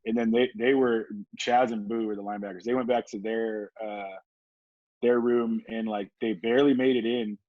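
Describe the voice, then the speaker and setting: Man, from Southern California, podcast guest, relaxed storytelling, laughs often, swears casually, dull dry sound. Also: mid-range voice, moderate pace, no room sound. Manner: laid-back, laughing, swearing, many fillers like "like". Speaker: podcast guest, former football player.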